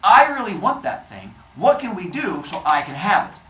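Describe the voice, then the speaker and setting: A woman's voice: mid-range voice, sing-song, normal speed, sharp tone, pitched above the performer's own voice. A woman voicing a vain young sun god, whiny, indignant and demanding. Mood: pushy. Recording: roomy, distant mic, faint noise.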